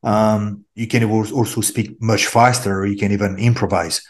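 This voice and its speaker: A man's voice: on the low side, steady tone. French-accented male actor, thoughtful. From France. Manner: thoughtful, pauses with fillers, mimics other voices. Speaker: actor guest. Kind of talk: casual interview talk.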